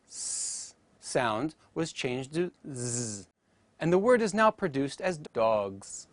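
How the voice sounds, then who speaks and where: Deliberate, lively-pitched phonetics teacher narrating. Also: no echo. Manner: careful, deliberate delivery with sounds spoken out as models. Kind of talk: scripted educational narration.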